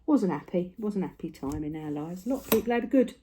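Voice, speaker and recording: An older woman chats casually to camera on her craft vlog from a room at home, a little out of breath. Her fairly low voice is expressive and quick, with background noise, and she rambles with lots of tag questions.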